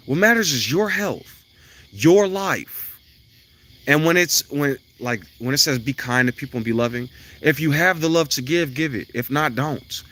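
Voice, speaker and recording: A man's voice: a little high, sharp tone. A man delivering a blunt, profane, preachy monologue outdoors near his house. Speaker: self-styled spiritual vlogger. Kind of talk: ranting monologue to camera.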